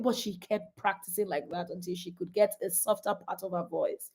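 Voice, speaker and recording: A woman coaching couples on a live stream, animated and repeating her points to the audience. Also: mid-range voice, fairly quick, few pauses. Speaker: relationship coach.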